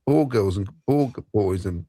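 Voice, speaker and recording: A man in casual podcast chat with a fairly low voice, measured and fond of saying "you know". The sound is close and dry. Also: animated, dark tone, no echo. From England. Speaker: podcast panelist.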